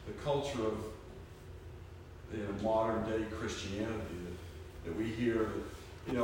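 A man's voice: medium pitch, far from the mic, slight background noise. Hesitant man asking from across an echoey room. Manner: hesitant, halting questions. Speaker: Bible study participant. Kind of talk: question in group discussion.

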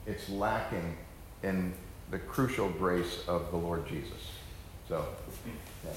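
A man's voice: low-pitched, takes it slowly, a little hiss or hum. A man preaching an earnest Bible teaching, pressing his points with rhetorical questions. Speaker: pastor teaching. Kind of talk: sermon-style Bible teaching. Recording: echoey room.

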